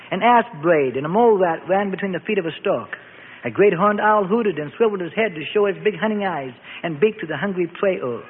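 High-voiced man narrating a radio Bible story. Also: a little hiss or hum. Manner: steady, descriptive storytelling. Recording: tinny phone-like radio recording with reverb.

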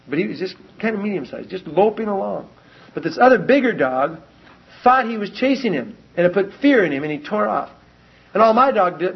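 A man preaching a sermon, telling stories with lively animation and repeating lines for emphasis. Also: high voice, vocal fry, slightly rough. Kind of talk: sermon with personal storytelling. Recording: dull lo-fi recording.

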